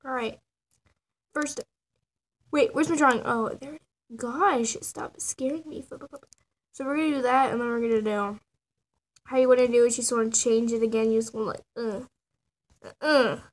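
Giggly high-voiced girl rambling through a tutorial. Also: steady tone, normal speed, pauses often. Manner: giggly, rambling, sarcastic about her own drawings. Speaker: channel owner showing her animation process. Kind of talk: casual self-mocking tutorial.

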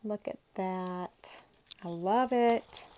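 A woman hosts a casual crafting unboxing and gushes to herself at an unhurried, drawn-out pace. Her pitch sits mid-range for a woman. A faint background noise runs under the recording. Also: a little mellow, rough recording. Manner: gushing, talks to herself while handling paper. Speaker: crafting channel host.

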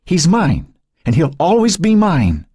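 A man's voice: sits low, sing-song, moderate pace, darkish tone, husky, long reverb tail, exaggerated voice. An audiobook narrator voicing a cruel, possessive young woman who mocks and hisses with venom. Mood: furious. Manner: mocking, venomous, hissing.

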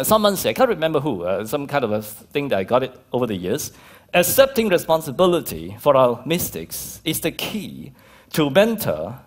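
A male pastor with a Malaysian accent, preaching a sermon and telling stories with acted-out quotes. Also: a little high. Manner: lively storytelling with laughs and acted-out quotes.

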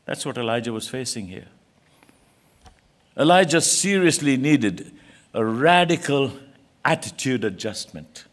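A man's voice: medium pitch, lively intonation, a little slow, long pauses. Earnest male preacher. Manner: earnest, pleading, rising to emphatic peaks. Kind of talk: sermon. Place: church.

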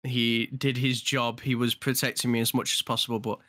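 A man's voice: mid-range voice, level tone, normal speed, pushed and bright, no echo, studio quality. A young man, chatting and joking through a game as a gaming YouTuber, often asking "you know what I mean". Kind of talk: casual gaming commentary.

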